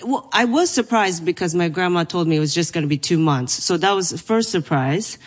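A woman's voice: on the low side, brisk. A woman comedian, a guest on an interview show, telling stories about her life in a chatty way with lots of fillers and frequent laughs. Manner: animated storytelling with lots of fillers, laughs often. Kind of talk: casual interview chat.

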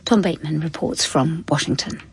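A woman reading a news bulletin in a crisp, formal manner. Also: low voice, a little fast. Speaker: newsreader.

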